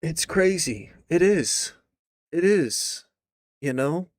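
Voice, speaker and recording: A man's voice: on the high side, lively intonation, takes it slowly, a little mellow, no room sound, clean studio sound. A male streamer reacting live to a clip, incredulous and sarcastic, swearing now and then.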